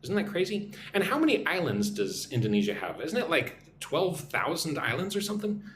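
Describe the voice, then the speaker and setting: A man's voice: fairly high pitch, sing-song, brisk, a bit bright, roomy sound, a little hiss or hum. Chatty man teaching English live. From United States. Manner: chatty, reads out comments, greets viewers in their languages. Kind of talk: live stream chat with viewers.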